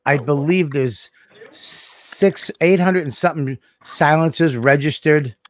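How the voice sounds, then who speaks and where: A man with a Boston accent, hosting a casual podcast chat in a blunt, profane, gruff way. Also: a little high, slow pace, dry recording. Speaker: podcast host.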